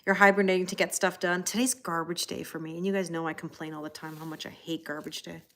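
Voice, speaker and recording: A woman's voice: fairly low pitch, little pitch movement, quick pace, a bit bright. A woman in her forties, chatty and laughing often, greeting viewers by name as she reads tarot cards on a live stream. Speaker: tarot reader. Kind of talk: casual live-stream card reading.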